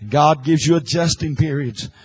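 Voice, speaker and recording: A man preaching an impassioned sermon, swinging from hushed, quiet lines to loud, shouted ones. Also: on the high side, moderate pace, breathy edge, rough recording.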